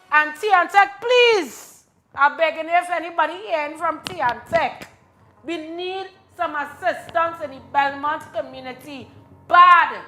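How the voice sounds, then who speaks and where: A woman's voice: sits high, bright, forceful tone. A Trinidadian woman speaking up for her community, insistent and pleading in strong local dialect. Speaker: community advocate. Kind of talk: passionate street talk.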